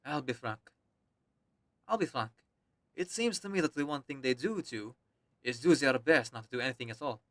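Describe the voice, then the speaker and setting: A man's voice: medium pitch, lively intonation, normal speed, long pauses, natural voice. A man voicing an exasperated young male office clerk with a put-on French accent, reading game dialogue aloud. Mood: sardonic.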